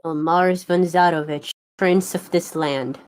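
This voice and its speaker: Blunt low-voiced woman player. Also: steady tone, a little slow, dry recording. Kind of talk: casual chat at a game table.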